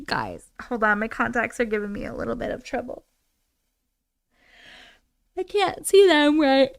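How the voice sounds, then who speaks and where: A young adult woman hosting a live stream, reading viewer stories aloud in an expressive way and acting out the quoted voices. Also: on the high side, a little slow, vocal fry, clear, resonant tone, no echo, clean studio sound.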